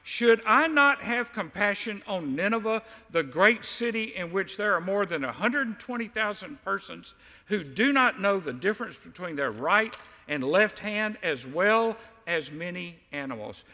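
Animated, high-voiced preacher man in a hall. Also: measured pace. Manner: animated storytelling, acting out quotes. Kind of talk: sermon.

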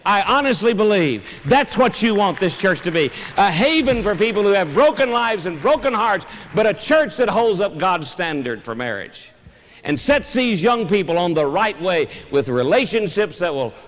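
A man's voice: high voice, big pitch swings, moderate pace, big-room sound. A man preaching a sermon as pastor of a church, earnest and emphatic, pressing each point home. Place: church sanctuary.

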